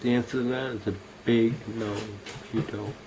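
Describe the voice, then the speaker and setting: A man's voice: mid-range voice, fairly even intonation, moderate pace, background noise. An older man, a military veteran, delivering a bitter, accusing monologue to a camera at home, cursing and swearing.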